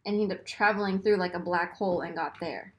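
A woman chatting casually and excitedly about a movie, rambling with lots of fillers and small laughs. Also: fairly low pitch, fast talker. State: burping after beer. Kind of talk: casual chat.

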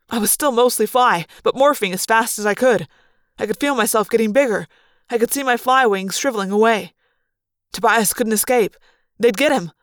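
A woman's voice: on the high side, moderate pace, dry recording. Woman reading a story aloud, dry close voice. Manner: expressive first-person storytelling. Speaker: audiobook reader. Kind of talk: fan read-aloud narration.

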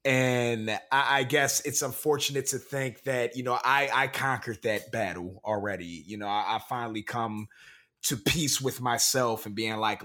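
A man's voice: lowish voice, steady tone, brisk, pushed and bright. A young man co-hosting a podcast, talking in an earnest, frustrated way about being stereotyped, with careful, proper-sounding speech. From Pennsylvania, USA. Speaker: podcast co-host. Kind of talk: casual podcast chat.

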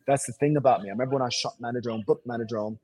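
A man's voice: medium pitch, rapid-fire, darkish tone, slightly rough, dry recording. A man from Sierra Leone speaking with a put-on English accent, an actor talking energetically and boastfully as a guest co-host. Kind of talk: casual interview chat.

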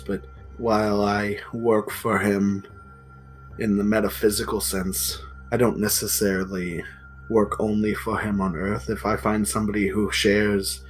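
Man doing a gravelly war priestess, low-pitched, solemn, measured, faint music behind. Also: lightly acted, low-quality recording. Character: gravelly female war priestess of a dark god.

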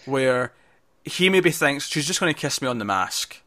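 A man co-hosting a casual film discussion, animated and jumping in often, stumbling over his words as he talks. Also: mid-range voice, moderate pace.

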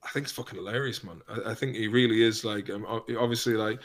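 A man's voice: lowish voice, steady tone, fast talker. Rambling, sweary man chatting casually. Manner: rambling, sweary, trails off into mumbles. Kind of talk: casual chat.

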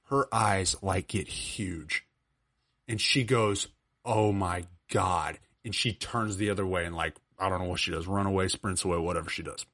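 A man in his twenties, co-hosting a podcast over a video call, telling an animated story and laughing often. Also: low voice, moderate pace. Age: 20s. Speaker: podcast co-host. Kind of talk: casual storytelling chat.

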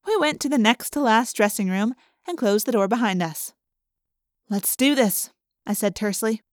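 Brisk, expressive woman narrating an audiobook. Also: a little high, dry recording, studio quality. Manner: lively and expressive, quick in excited passages. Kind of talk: first-person audiobook narration.

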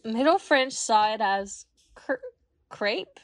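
A woman's voice: a little high, lively intonation, takes it slowly. A woman from Kansas co-hosting a podcast, casually reading word origins, swearing freely, giggling and stumbling over words. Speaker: podcast co-host. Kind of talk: casual chat, reading etymology notes.

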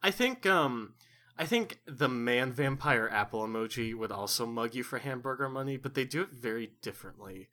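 Bright-voiced man joking on a podcast. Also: mid-range voice, expressive, normal speed. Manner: profane, joking, reads listener questions. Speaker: podcast co-host. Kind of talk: casual comedic chat.

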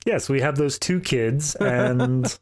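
A male co-host on a movie podcast speaks in an easygoing way at a middle pitch. He mostly gives short answers and dry quips. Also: slow pace. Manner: laid-back, brief replies and dry jokes. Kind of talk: casual movie podcast chat.

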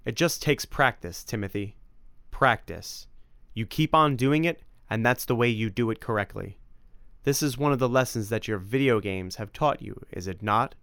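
A man's voice: medium pitch, moderate pace, fairly bright tone, clean tone, dry recording, studio quality, lightly acted. A man voicing a serious, formal warrior mentor in an audiobook, with a stern, lecturing manner. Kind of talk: audiobook character voice.

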